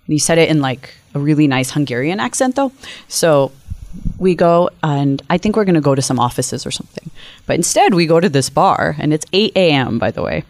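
A woman guest on an interview, telling a story in a lively, animated way at a quick clip. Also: low-pitched, no room sound. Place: conference venue.

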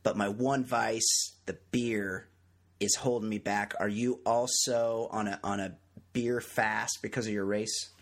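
On his casual podcast, this host trades loose banter, rambling and poking fun at himself. His voice is fairly low, steady and unhurried, with vocal fry.

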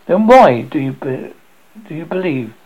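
A man voicing a sharp-tongued, sarcastic older mother who scolds her grown son, in a storybook reading. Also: a little high, animated, measured pace, slightly rough, phone-quality sound. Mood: mocking.

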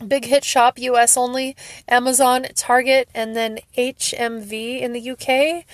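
A woman's voice: a little high, steady tone, normal speed, no room sound. A woman hosting a casual solo podcast, emotional, laughing and crying as she gushes. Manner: emotional, laughing and tearful, gushing. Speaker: podcast host.

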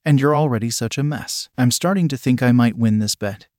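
A man's voice: medium pitch, brisk, darkish tone, no echo, clean studio sound, lightly acted. A man voicing a cocky young man who teases in a smug murmur, in an adult audio story. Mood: teasing. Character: teasing, cocky young man, the listener's best friend.

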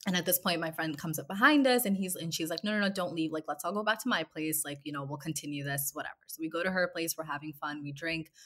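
A woman in her twenties with a low, grounded voice tells a dating story in a relaxed, chatty way. She fills it with "like" and "um" and acts out little bits of dialogue. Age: 20s. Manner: chatty, many fillers and quoted dialogue. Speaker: guest telling a dating story. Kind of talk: casual storytelling.

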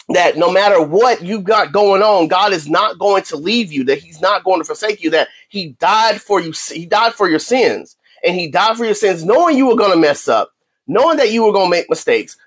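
A man with a fairly high, husky voice talks through a faith message like a casual sermon. He is earnest and conversational, and he leans on repeated phrases to drive his points home. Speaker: podcast host. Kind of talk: preaching-style talk.

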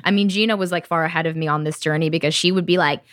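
A woman's voice: sits low, steady tone, racing, a bit bright, dry recording, studio quality. A woman co-hosting a podcast in casual chat, talking loosely with lots of filler words and the odd swear. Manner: chatty, peppers speech with "like" and casual swearing. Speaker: podcast co-host.

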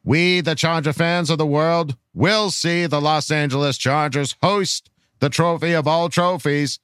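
A man's voice: fairly high pitch, steady tone, a little slow, a bit bright, clear, resonant tone, no room sound, clean studio sound. A man hosting a fan podcast, chatting casually and reading listener messages aloud with mock-grand delivery.

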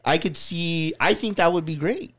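A man's voice: on the high side, normal speed, fairly bright tone. A man hosting a podcast, chatting in a laid-back way full of fillers and restarts. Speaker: podcast host. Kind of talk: casual chat.

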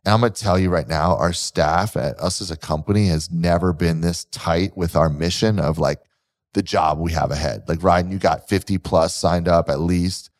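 A man's voice: low-pitched, moderate pace. A man co-hosting a casual podcast, a fitness coach telling stories energetically and acting out quotes. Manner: energetic, animated storytelling with acted-out quotes. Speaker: fitness gym owner and podcast co-host.

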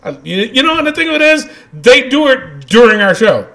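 A man co-hosting a wrestling podcast in casual chat, animated and laughing often as he rants. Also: very high voice, a little fast. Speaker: podcast co-host.

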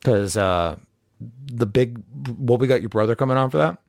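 A man's voice: mid-range voice, moderate pace, a little mellow, no room sound, studio quality. A young man co-hosting a podcast, chatting casually and profanely about a movie and acting out character lines. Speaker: podcast co-host. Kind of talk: casual movie review chat.

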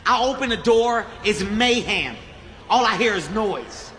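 A man doing stand-up, telling a story in short, punchy, deadpan lines and slipping into acted voices. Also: high-pitched, a little slow. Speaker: stand-up comedian.

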